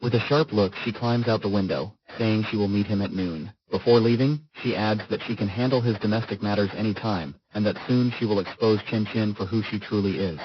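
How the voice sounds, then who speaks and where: A man narrating a comic story recap in scripted form, with a steady, even storytelling delivery. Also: on the low side, a little fast, few pauses, muffled recording, slight background noise.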